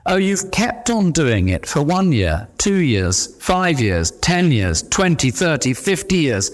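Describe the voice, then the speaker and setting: Animated preacher. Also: male voice, on the high side, slow pace, few pauses. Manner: animated, emphatic preaching with repeated refrains. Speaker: pastor. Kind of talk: sermon.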